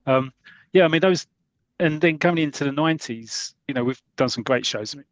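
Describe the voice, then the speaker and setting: A man hosts a podcast in casual chat, hesitant and full of fillers and restarts as he introduces segments and clips. His voice is a little high and fairly quick, recorded with no room sound.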